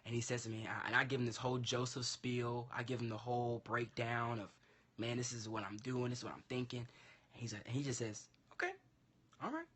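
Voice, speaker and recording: A man's voice: mid-range voice, brisk, breathy edge. A man casually telling a long story to a co-host, acting out the voices of the people in it. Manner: animated, acts out quoted dialogue.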